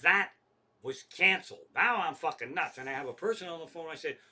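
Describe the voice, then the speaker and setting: A man's voice: fairly high pitch, lively intonation, fast talker, pushed and bright, breathy edge. A man telling a comic story, exasperated and swearing constantly as he acts out both sides of phone calls. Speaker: stand-up comedian. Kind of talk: profane storytelling rant.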